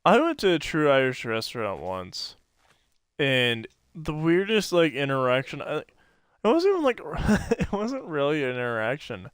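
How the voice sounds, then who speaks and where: A man's voice: on the high side, wildly swooping pitch, moderate pace, clean tone, dry recording. A man co-hosting a podcast, telling stories in a rambling casual chat full of fillers and laughs. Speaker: podcast co-host.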